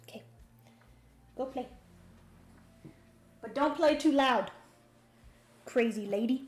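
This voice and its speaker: A woman hosting a casual board game livestream, chatty and filling pauses with hums and ums. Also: high voice.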